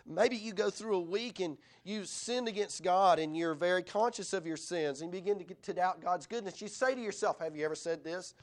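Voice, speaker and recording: A man's voice: high voice, fairly quick, few pauses. A middle-aged male pastor preaching a sermon in an earnest, conversational way, often asking the listeners rhetorical questions.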